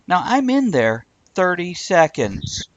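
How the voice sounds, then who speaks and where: Animated man telling a story. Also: high-pitched, slow pace, dull audio, slight background noise. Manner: animated storyteller acting out quotes. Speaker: host. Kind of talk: casual chat.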